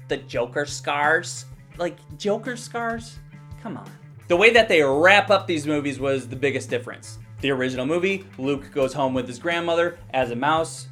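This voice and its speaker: A man's voice: a little high, a bit bright. A young man giving a heated, profane rant as a movie reviewer, sounding exasperated and blunt.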